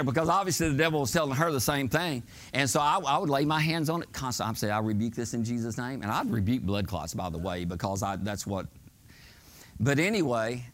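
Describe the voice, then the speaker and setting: A middle-aged man preaching a sermon in church, telling folksy stories and building to shouted exhortations. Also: mid-range voice, expressive, fast. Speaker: pastor. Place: church sanctuary.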